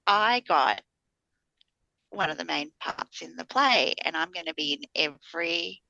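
A woman's voice: on the low side, lively intonation, unhurried, vocal fry, sharp tone, no echo, dull audio. A middle-aged woman, co-hosting a podcast in casual chat and acting out the people she quotes as she tells a story. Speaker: podcast co-host.

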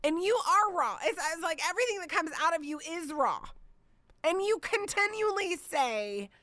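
A woman in her forties hosting a casual Bible teaching podcast, chatty and expressive, with playful asides. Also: extremely high pitch, moderate pace, no echo. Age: 40s.

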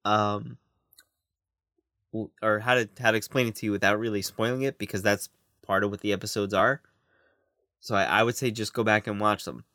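A man co-hosts a casual podcast, talking through episodes in a hesitant, stumbling way. His voice is fairly low, and the recording is dry and close. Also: fairly even intonation, fairly quick, long pauses, sharp tone, no room sound. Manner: hesitant, stumbling over words. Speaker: podcast co-host. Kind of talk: casual podcast show review.

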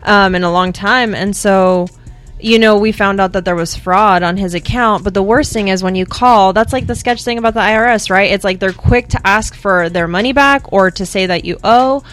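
Calm, explanatory woman guest. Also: medium pitch, moderate pace, soft background music. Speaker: podcast guest. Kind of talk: casual podcast chat.

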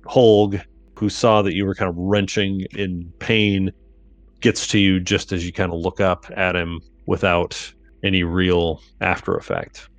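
A man narrating a tabletop game as game master, calm and descriptive. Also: deep voice, measured pace, no echo.

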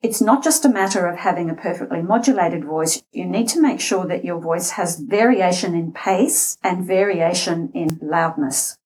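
A middle-aged Australian voice and interview coach gives an instructional talk on speech habits, speaking deliberately in a lowish, slightly scratchy voice. She varies her pace and loudness for emphasis.

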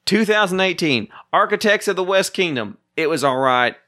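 A man's voice: sits high, expressive, moderate pace, pushed and bright, dry recording, clean studio sound. A man co-hosting a podcast, chatting casually about board games with playful, joking banter. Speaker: podcast co-host.

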